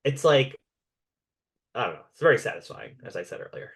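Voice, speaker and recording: A man co-hosting a podcast, telling stories in a rambling, animated way with lots of fillers. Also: medium pitch, a little fast. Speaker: podcast co-host. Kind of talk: casual chat.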